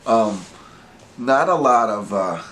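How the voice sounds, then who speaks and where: A middle-aged man reviewing a movie in a casual, rambling way, joking at his own expense, full of fillers and restarts, his voice a bit hoarse. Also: medium pitch, animated, takes it slowly, a bit bright, a little hiss or hum. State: slightly hoarse voice.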